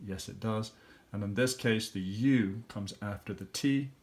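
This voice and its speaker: Middle-aged male teacher, fairly low voice, talks kids through each problem aloud. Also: unhurried. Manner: thinks aloud step by step, talks to students. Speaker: elementary school teacher. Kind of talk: recorded classroom review lesson.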